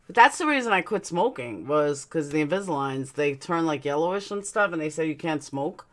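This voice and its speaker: A woman with a deep voice and lively intonation talks a little fast as she hosts a casual live stream, chatting bluntly and reading out her chat. Her dental aligners give her a slight lisp.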